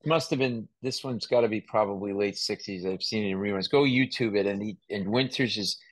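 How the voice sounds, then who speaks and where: Animated male podcast host, dry sound. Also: lowish voice, brisk, dry recording. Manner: animated storyteller, laughs often and mimics voices. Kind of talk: casual chat.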